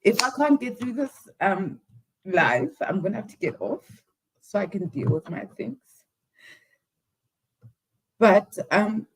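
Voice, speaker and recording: A woman hosting a live stream in casual talk, halting and teary, often sighing and pausing. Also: mid-range voice, slightly rough, low-quality recording. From South Africa. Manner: halting, with many sighs and pauses. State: teary, close to crying.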